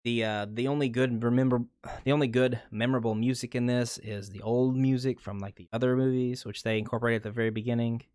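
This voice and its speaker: A man rambles through a casual movie review at a steady middle pitch. He wanders off on tangents and circles back to his point. The sound is close and dry, with no echo. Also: quick pace, clear, resonant tone. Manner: rambling, loses his train of thought.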